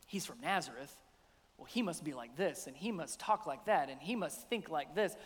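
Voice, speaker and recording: A scoffing, incredulous young doubter, put on by a high-voiced preacher, firing off sharp questions. Long reverb trails behind each line, as in a big hall. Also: male voice, expressive, normal speed. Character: skeptical young man Nathanael, scoffing.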